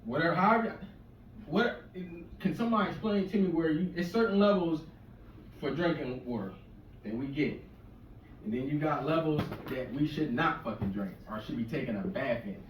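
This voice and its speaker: A man's voice: fairly high pitch, normal speed, dull audio. A man doing a loose, profane stand-up rant on stage, often laughing at his own jokes. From Maryland. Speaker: stand-up comedian. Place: comedy club stage. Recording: echoey club from a distance with noise.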